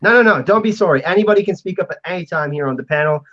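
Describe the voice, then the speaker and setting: An excitable man hosting a chatty panel stream, his voice sitting a little high and sounding muffled and lo-fi. He rambles through announcements with frequent restarts. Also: racing, slight background noise. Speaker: podcast host. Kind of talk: casual panel chat.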